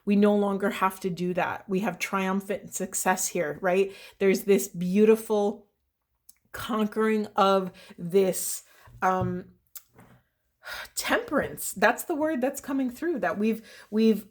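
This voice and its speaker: Earnest woman reading spiritual cards. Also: medium pitch. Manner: soft, earnest and meandering, with many fillers and "right?". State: voice shaking with emotion. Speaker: spiritual coach giving a card reading. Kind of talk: intuitive card reading to camera.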